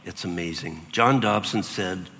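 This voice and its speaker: An older man preaching a sermon as pastor, animated and acting out voices with sudden jumps in pitch. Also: unhurried, big-room sound, slight background noise.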